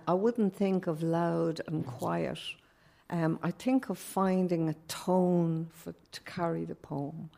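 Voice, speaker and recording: Husky-voiced woman poet musing. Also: lowish voice, warm tone. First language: not English. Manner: thoughtful, measured, musing with fillers. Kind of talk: reflective panel discussion.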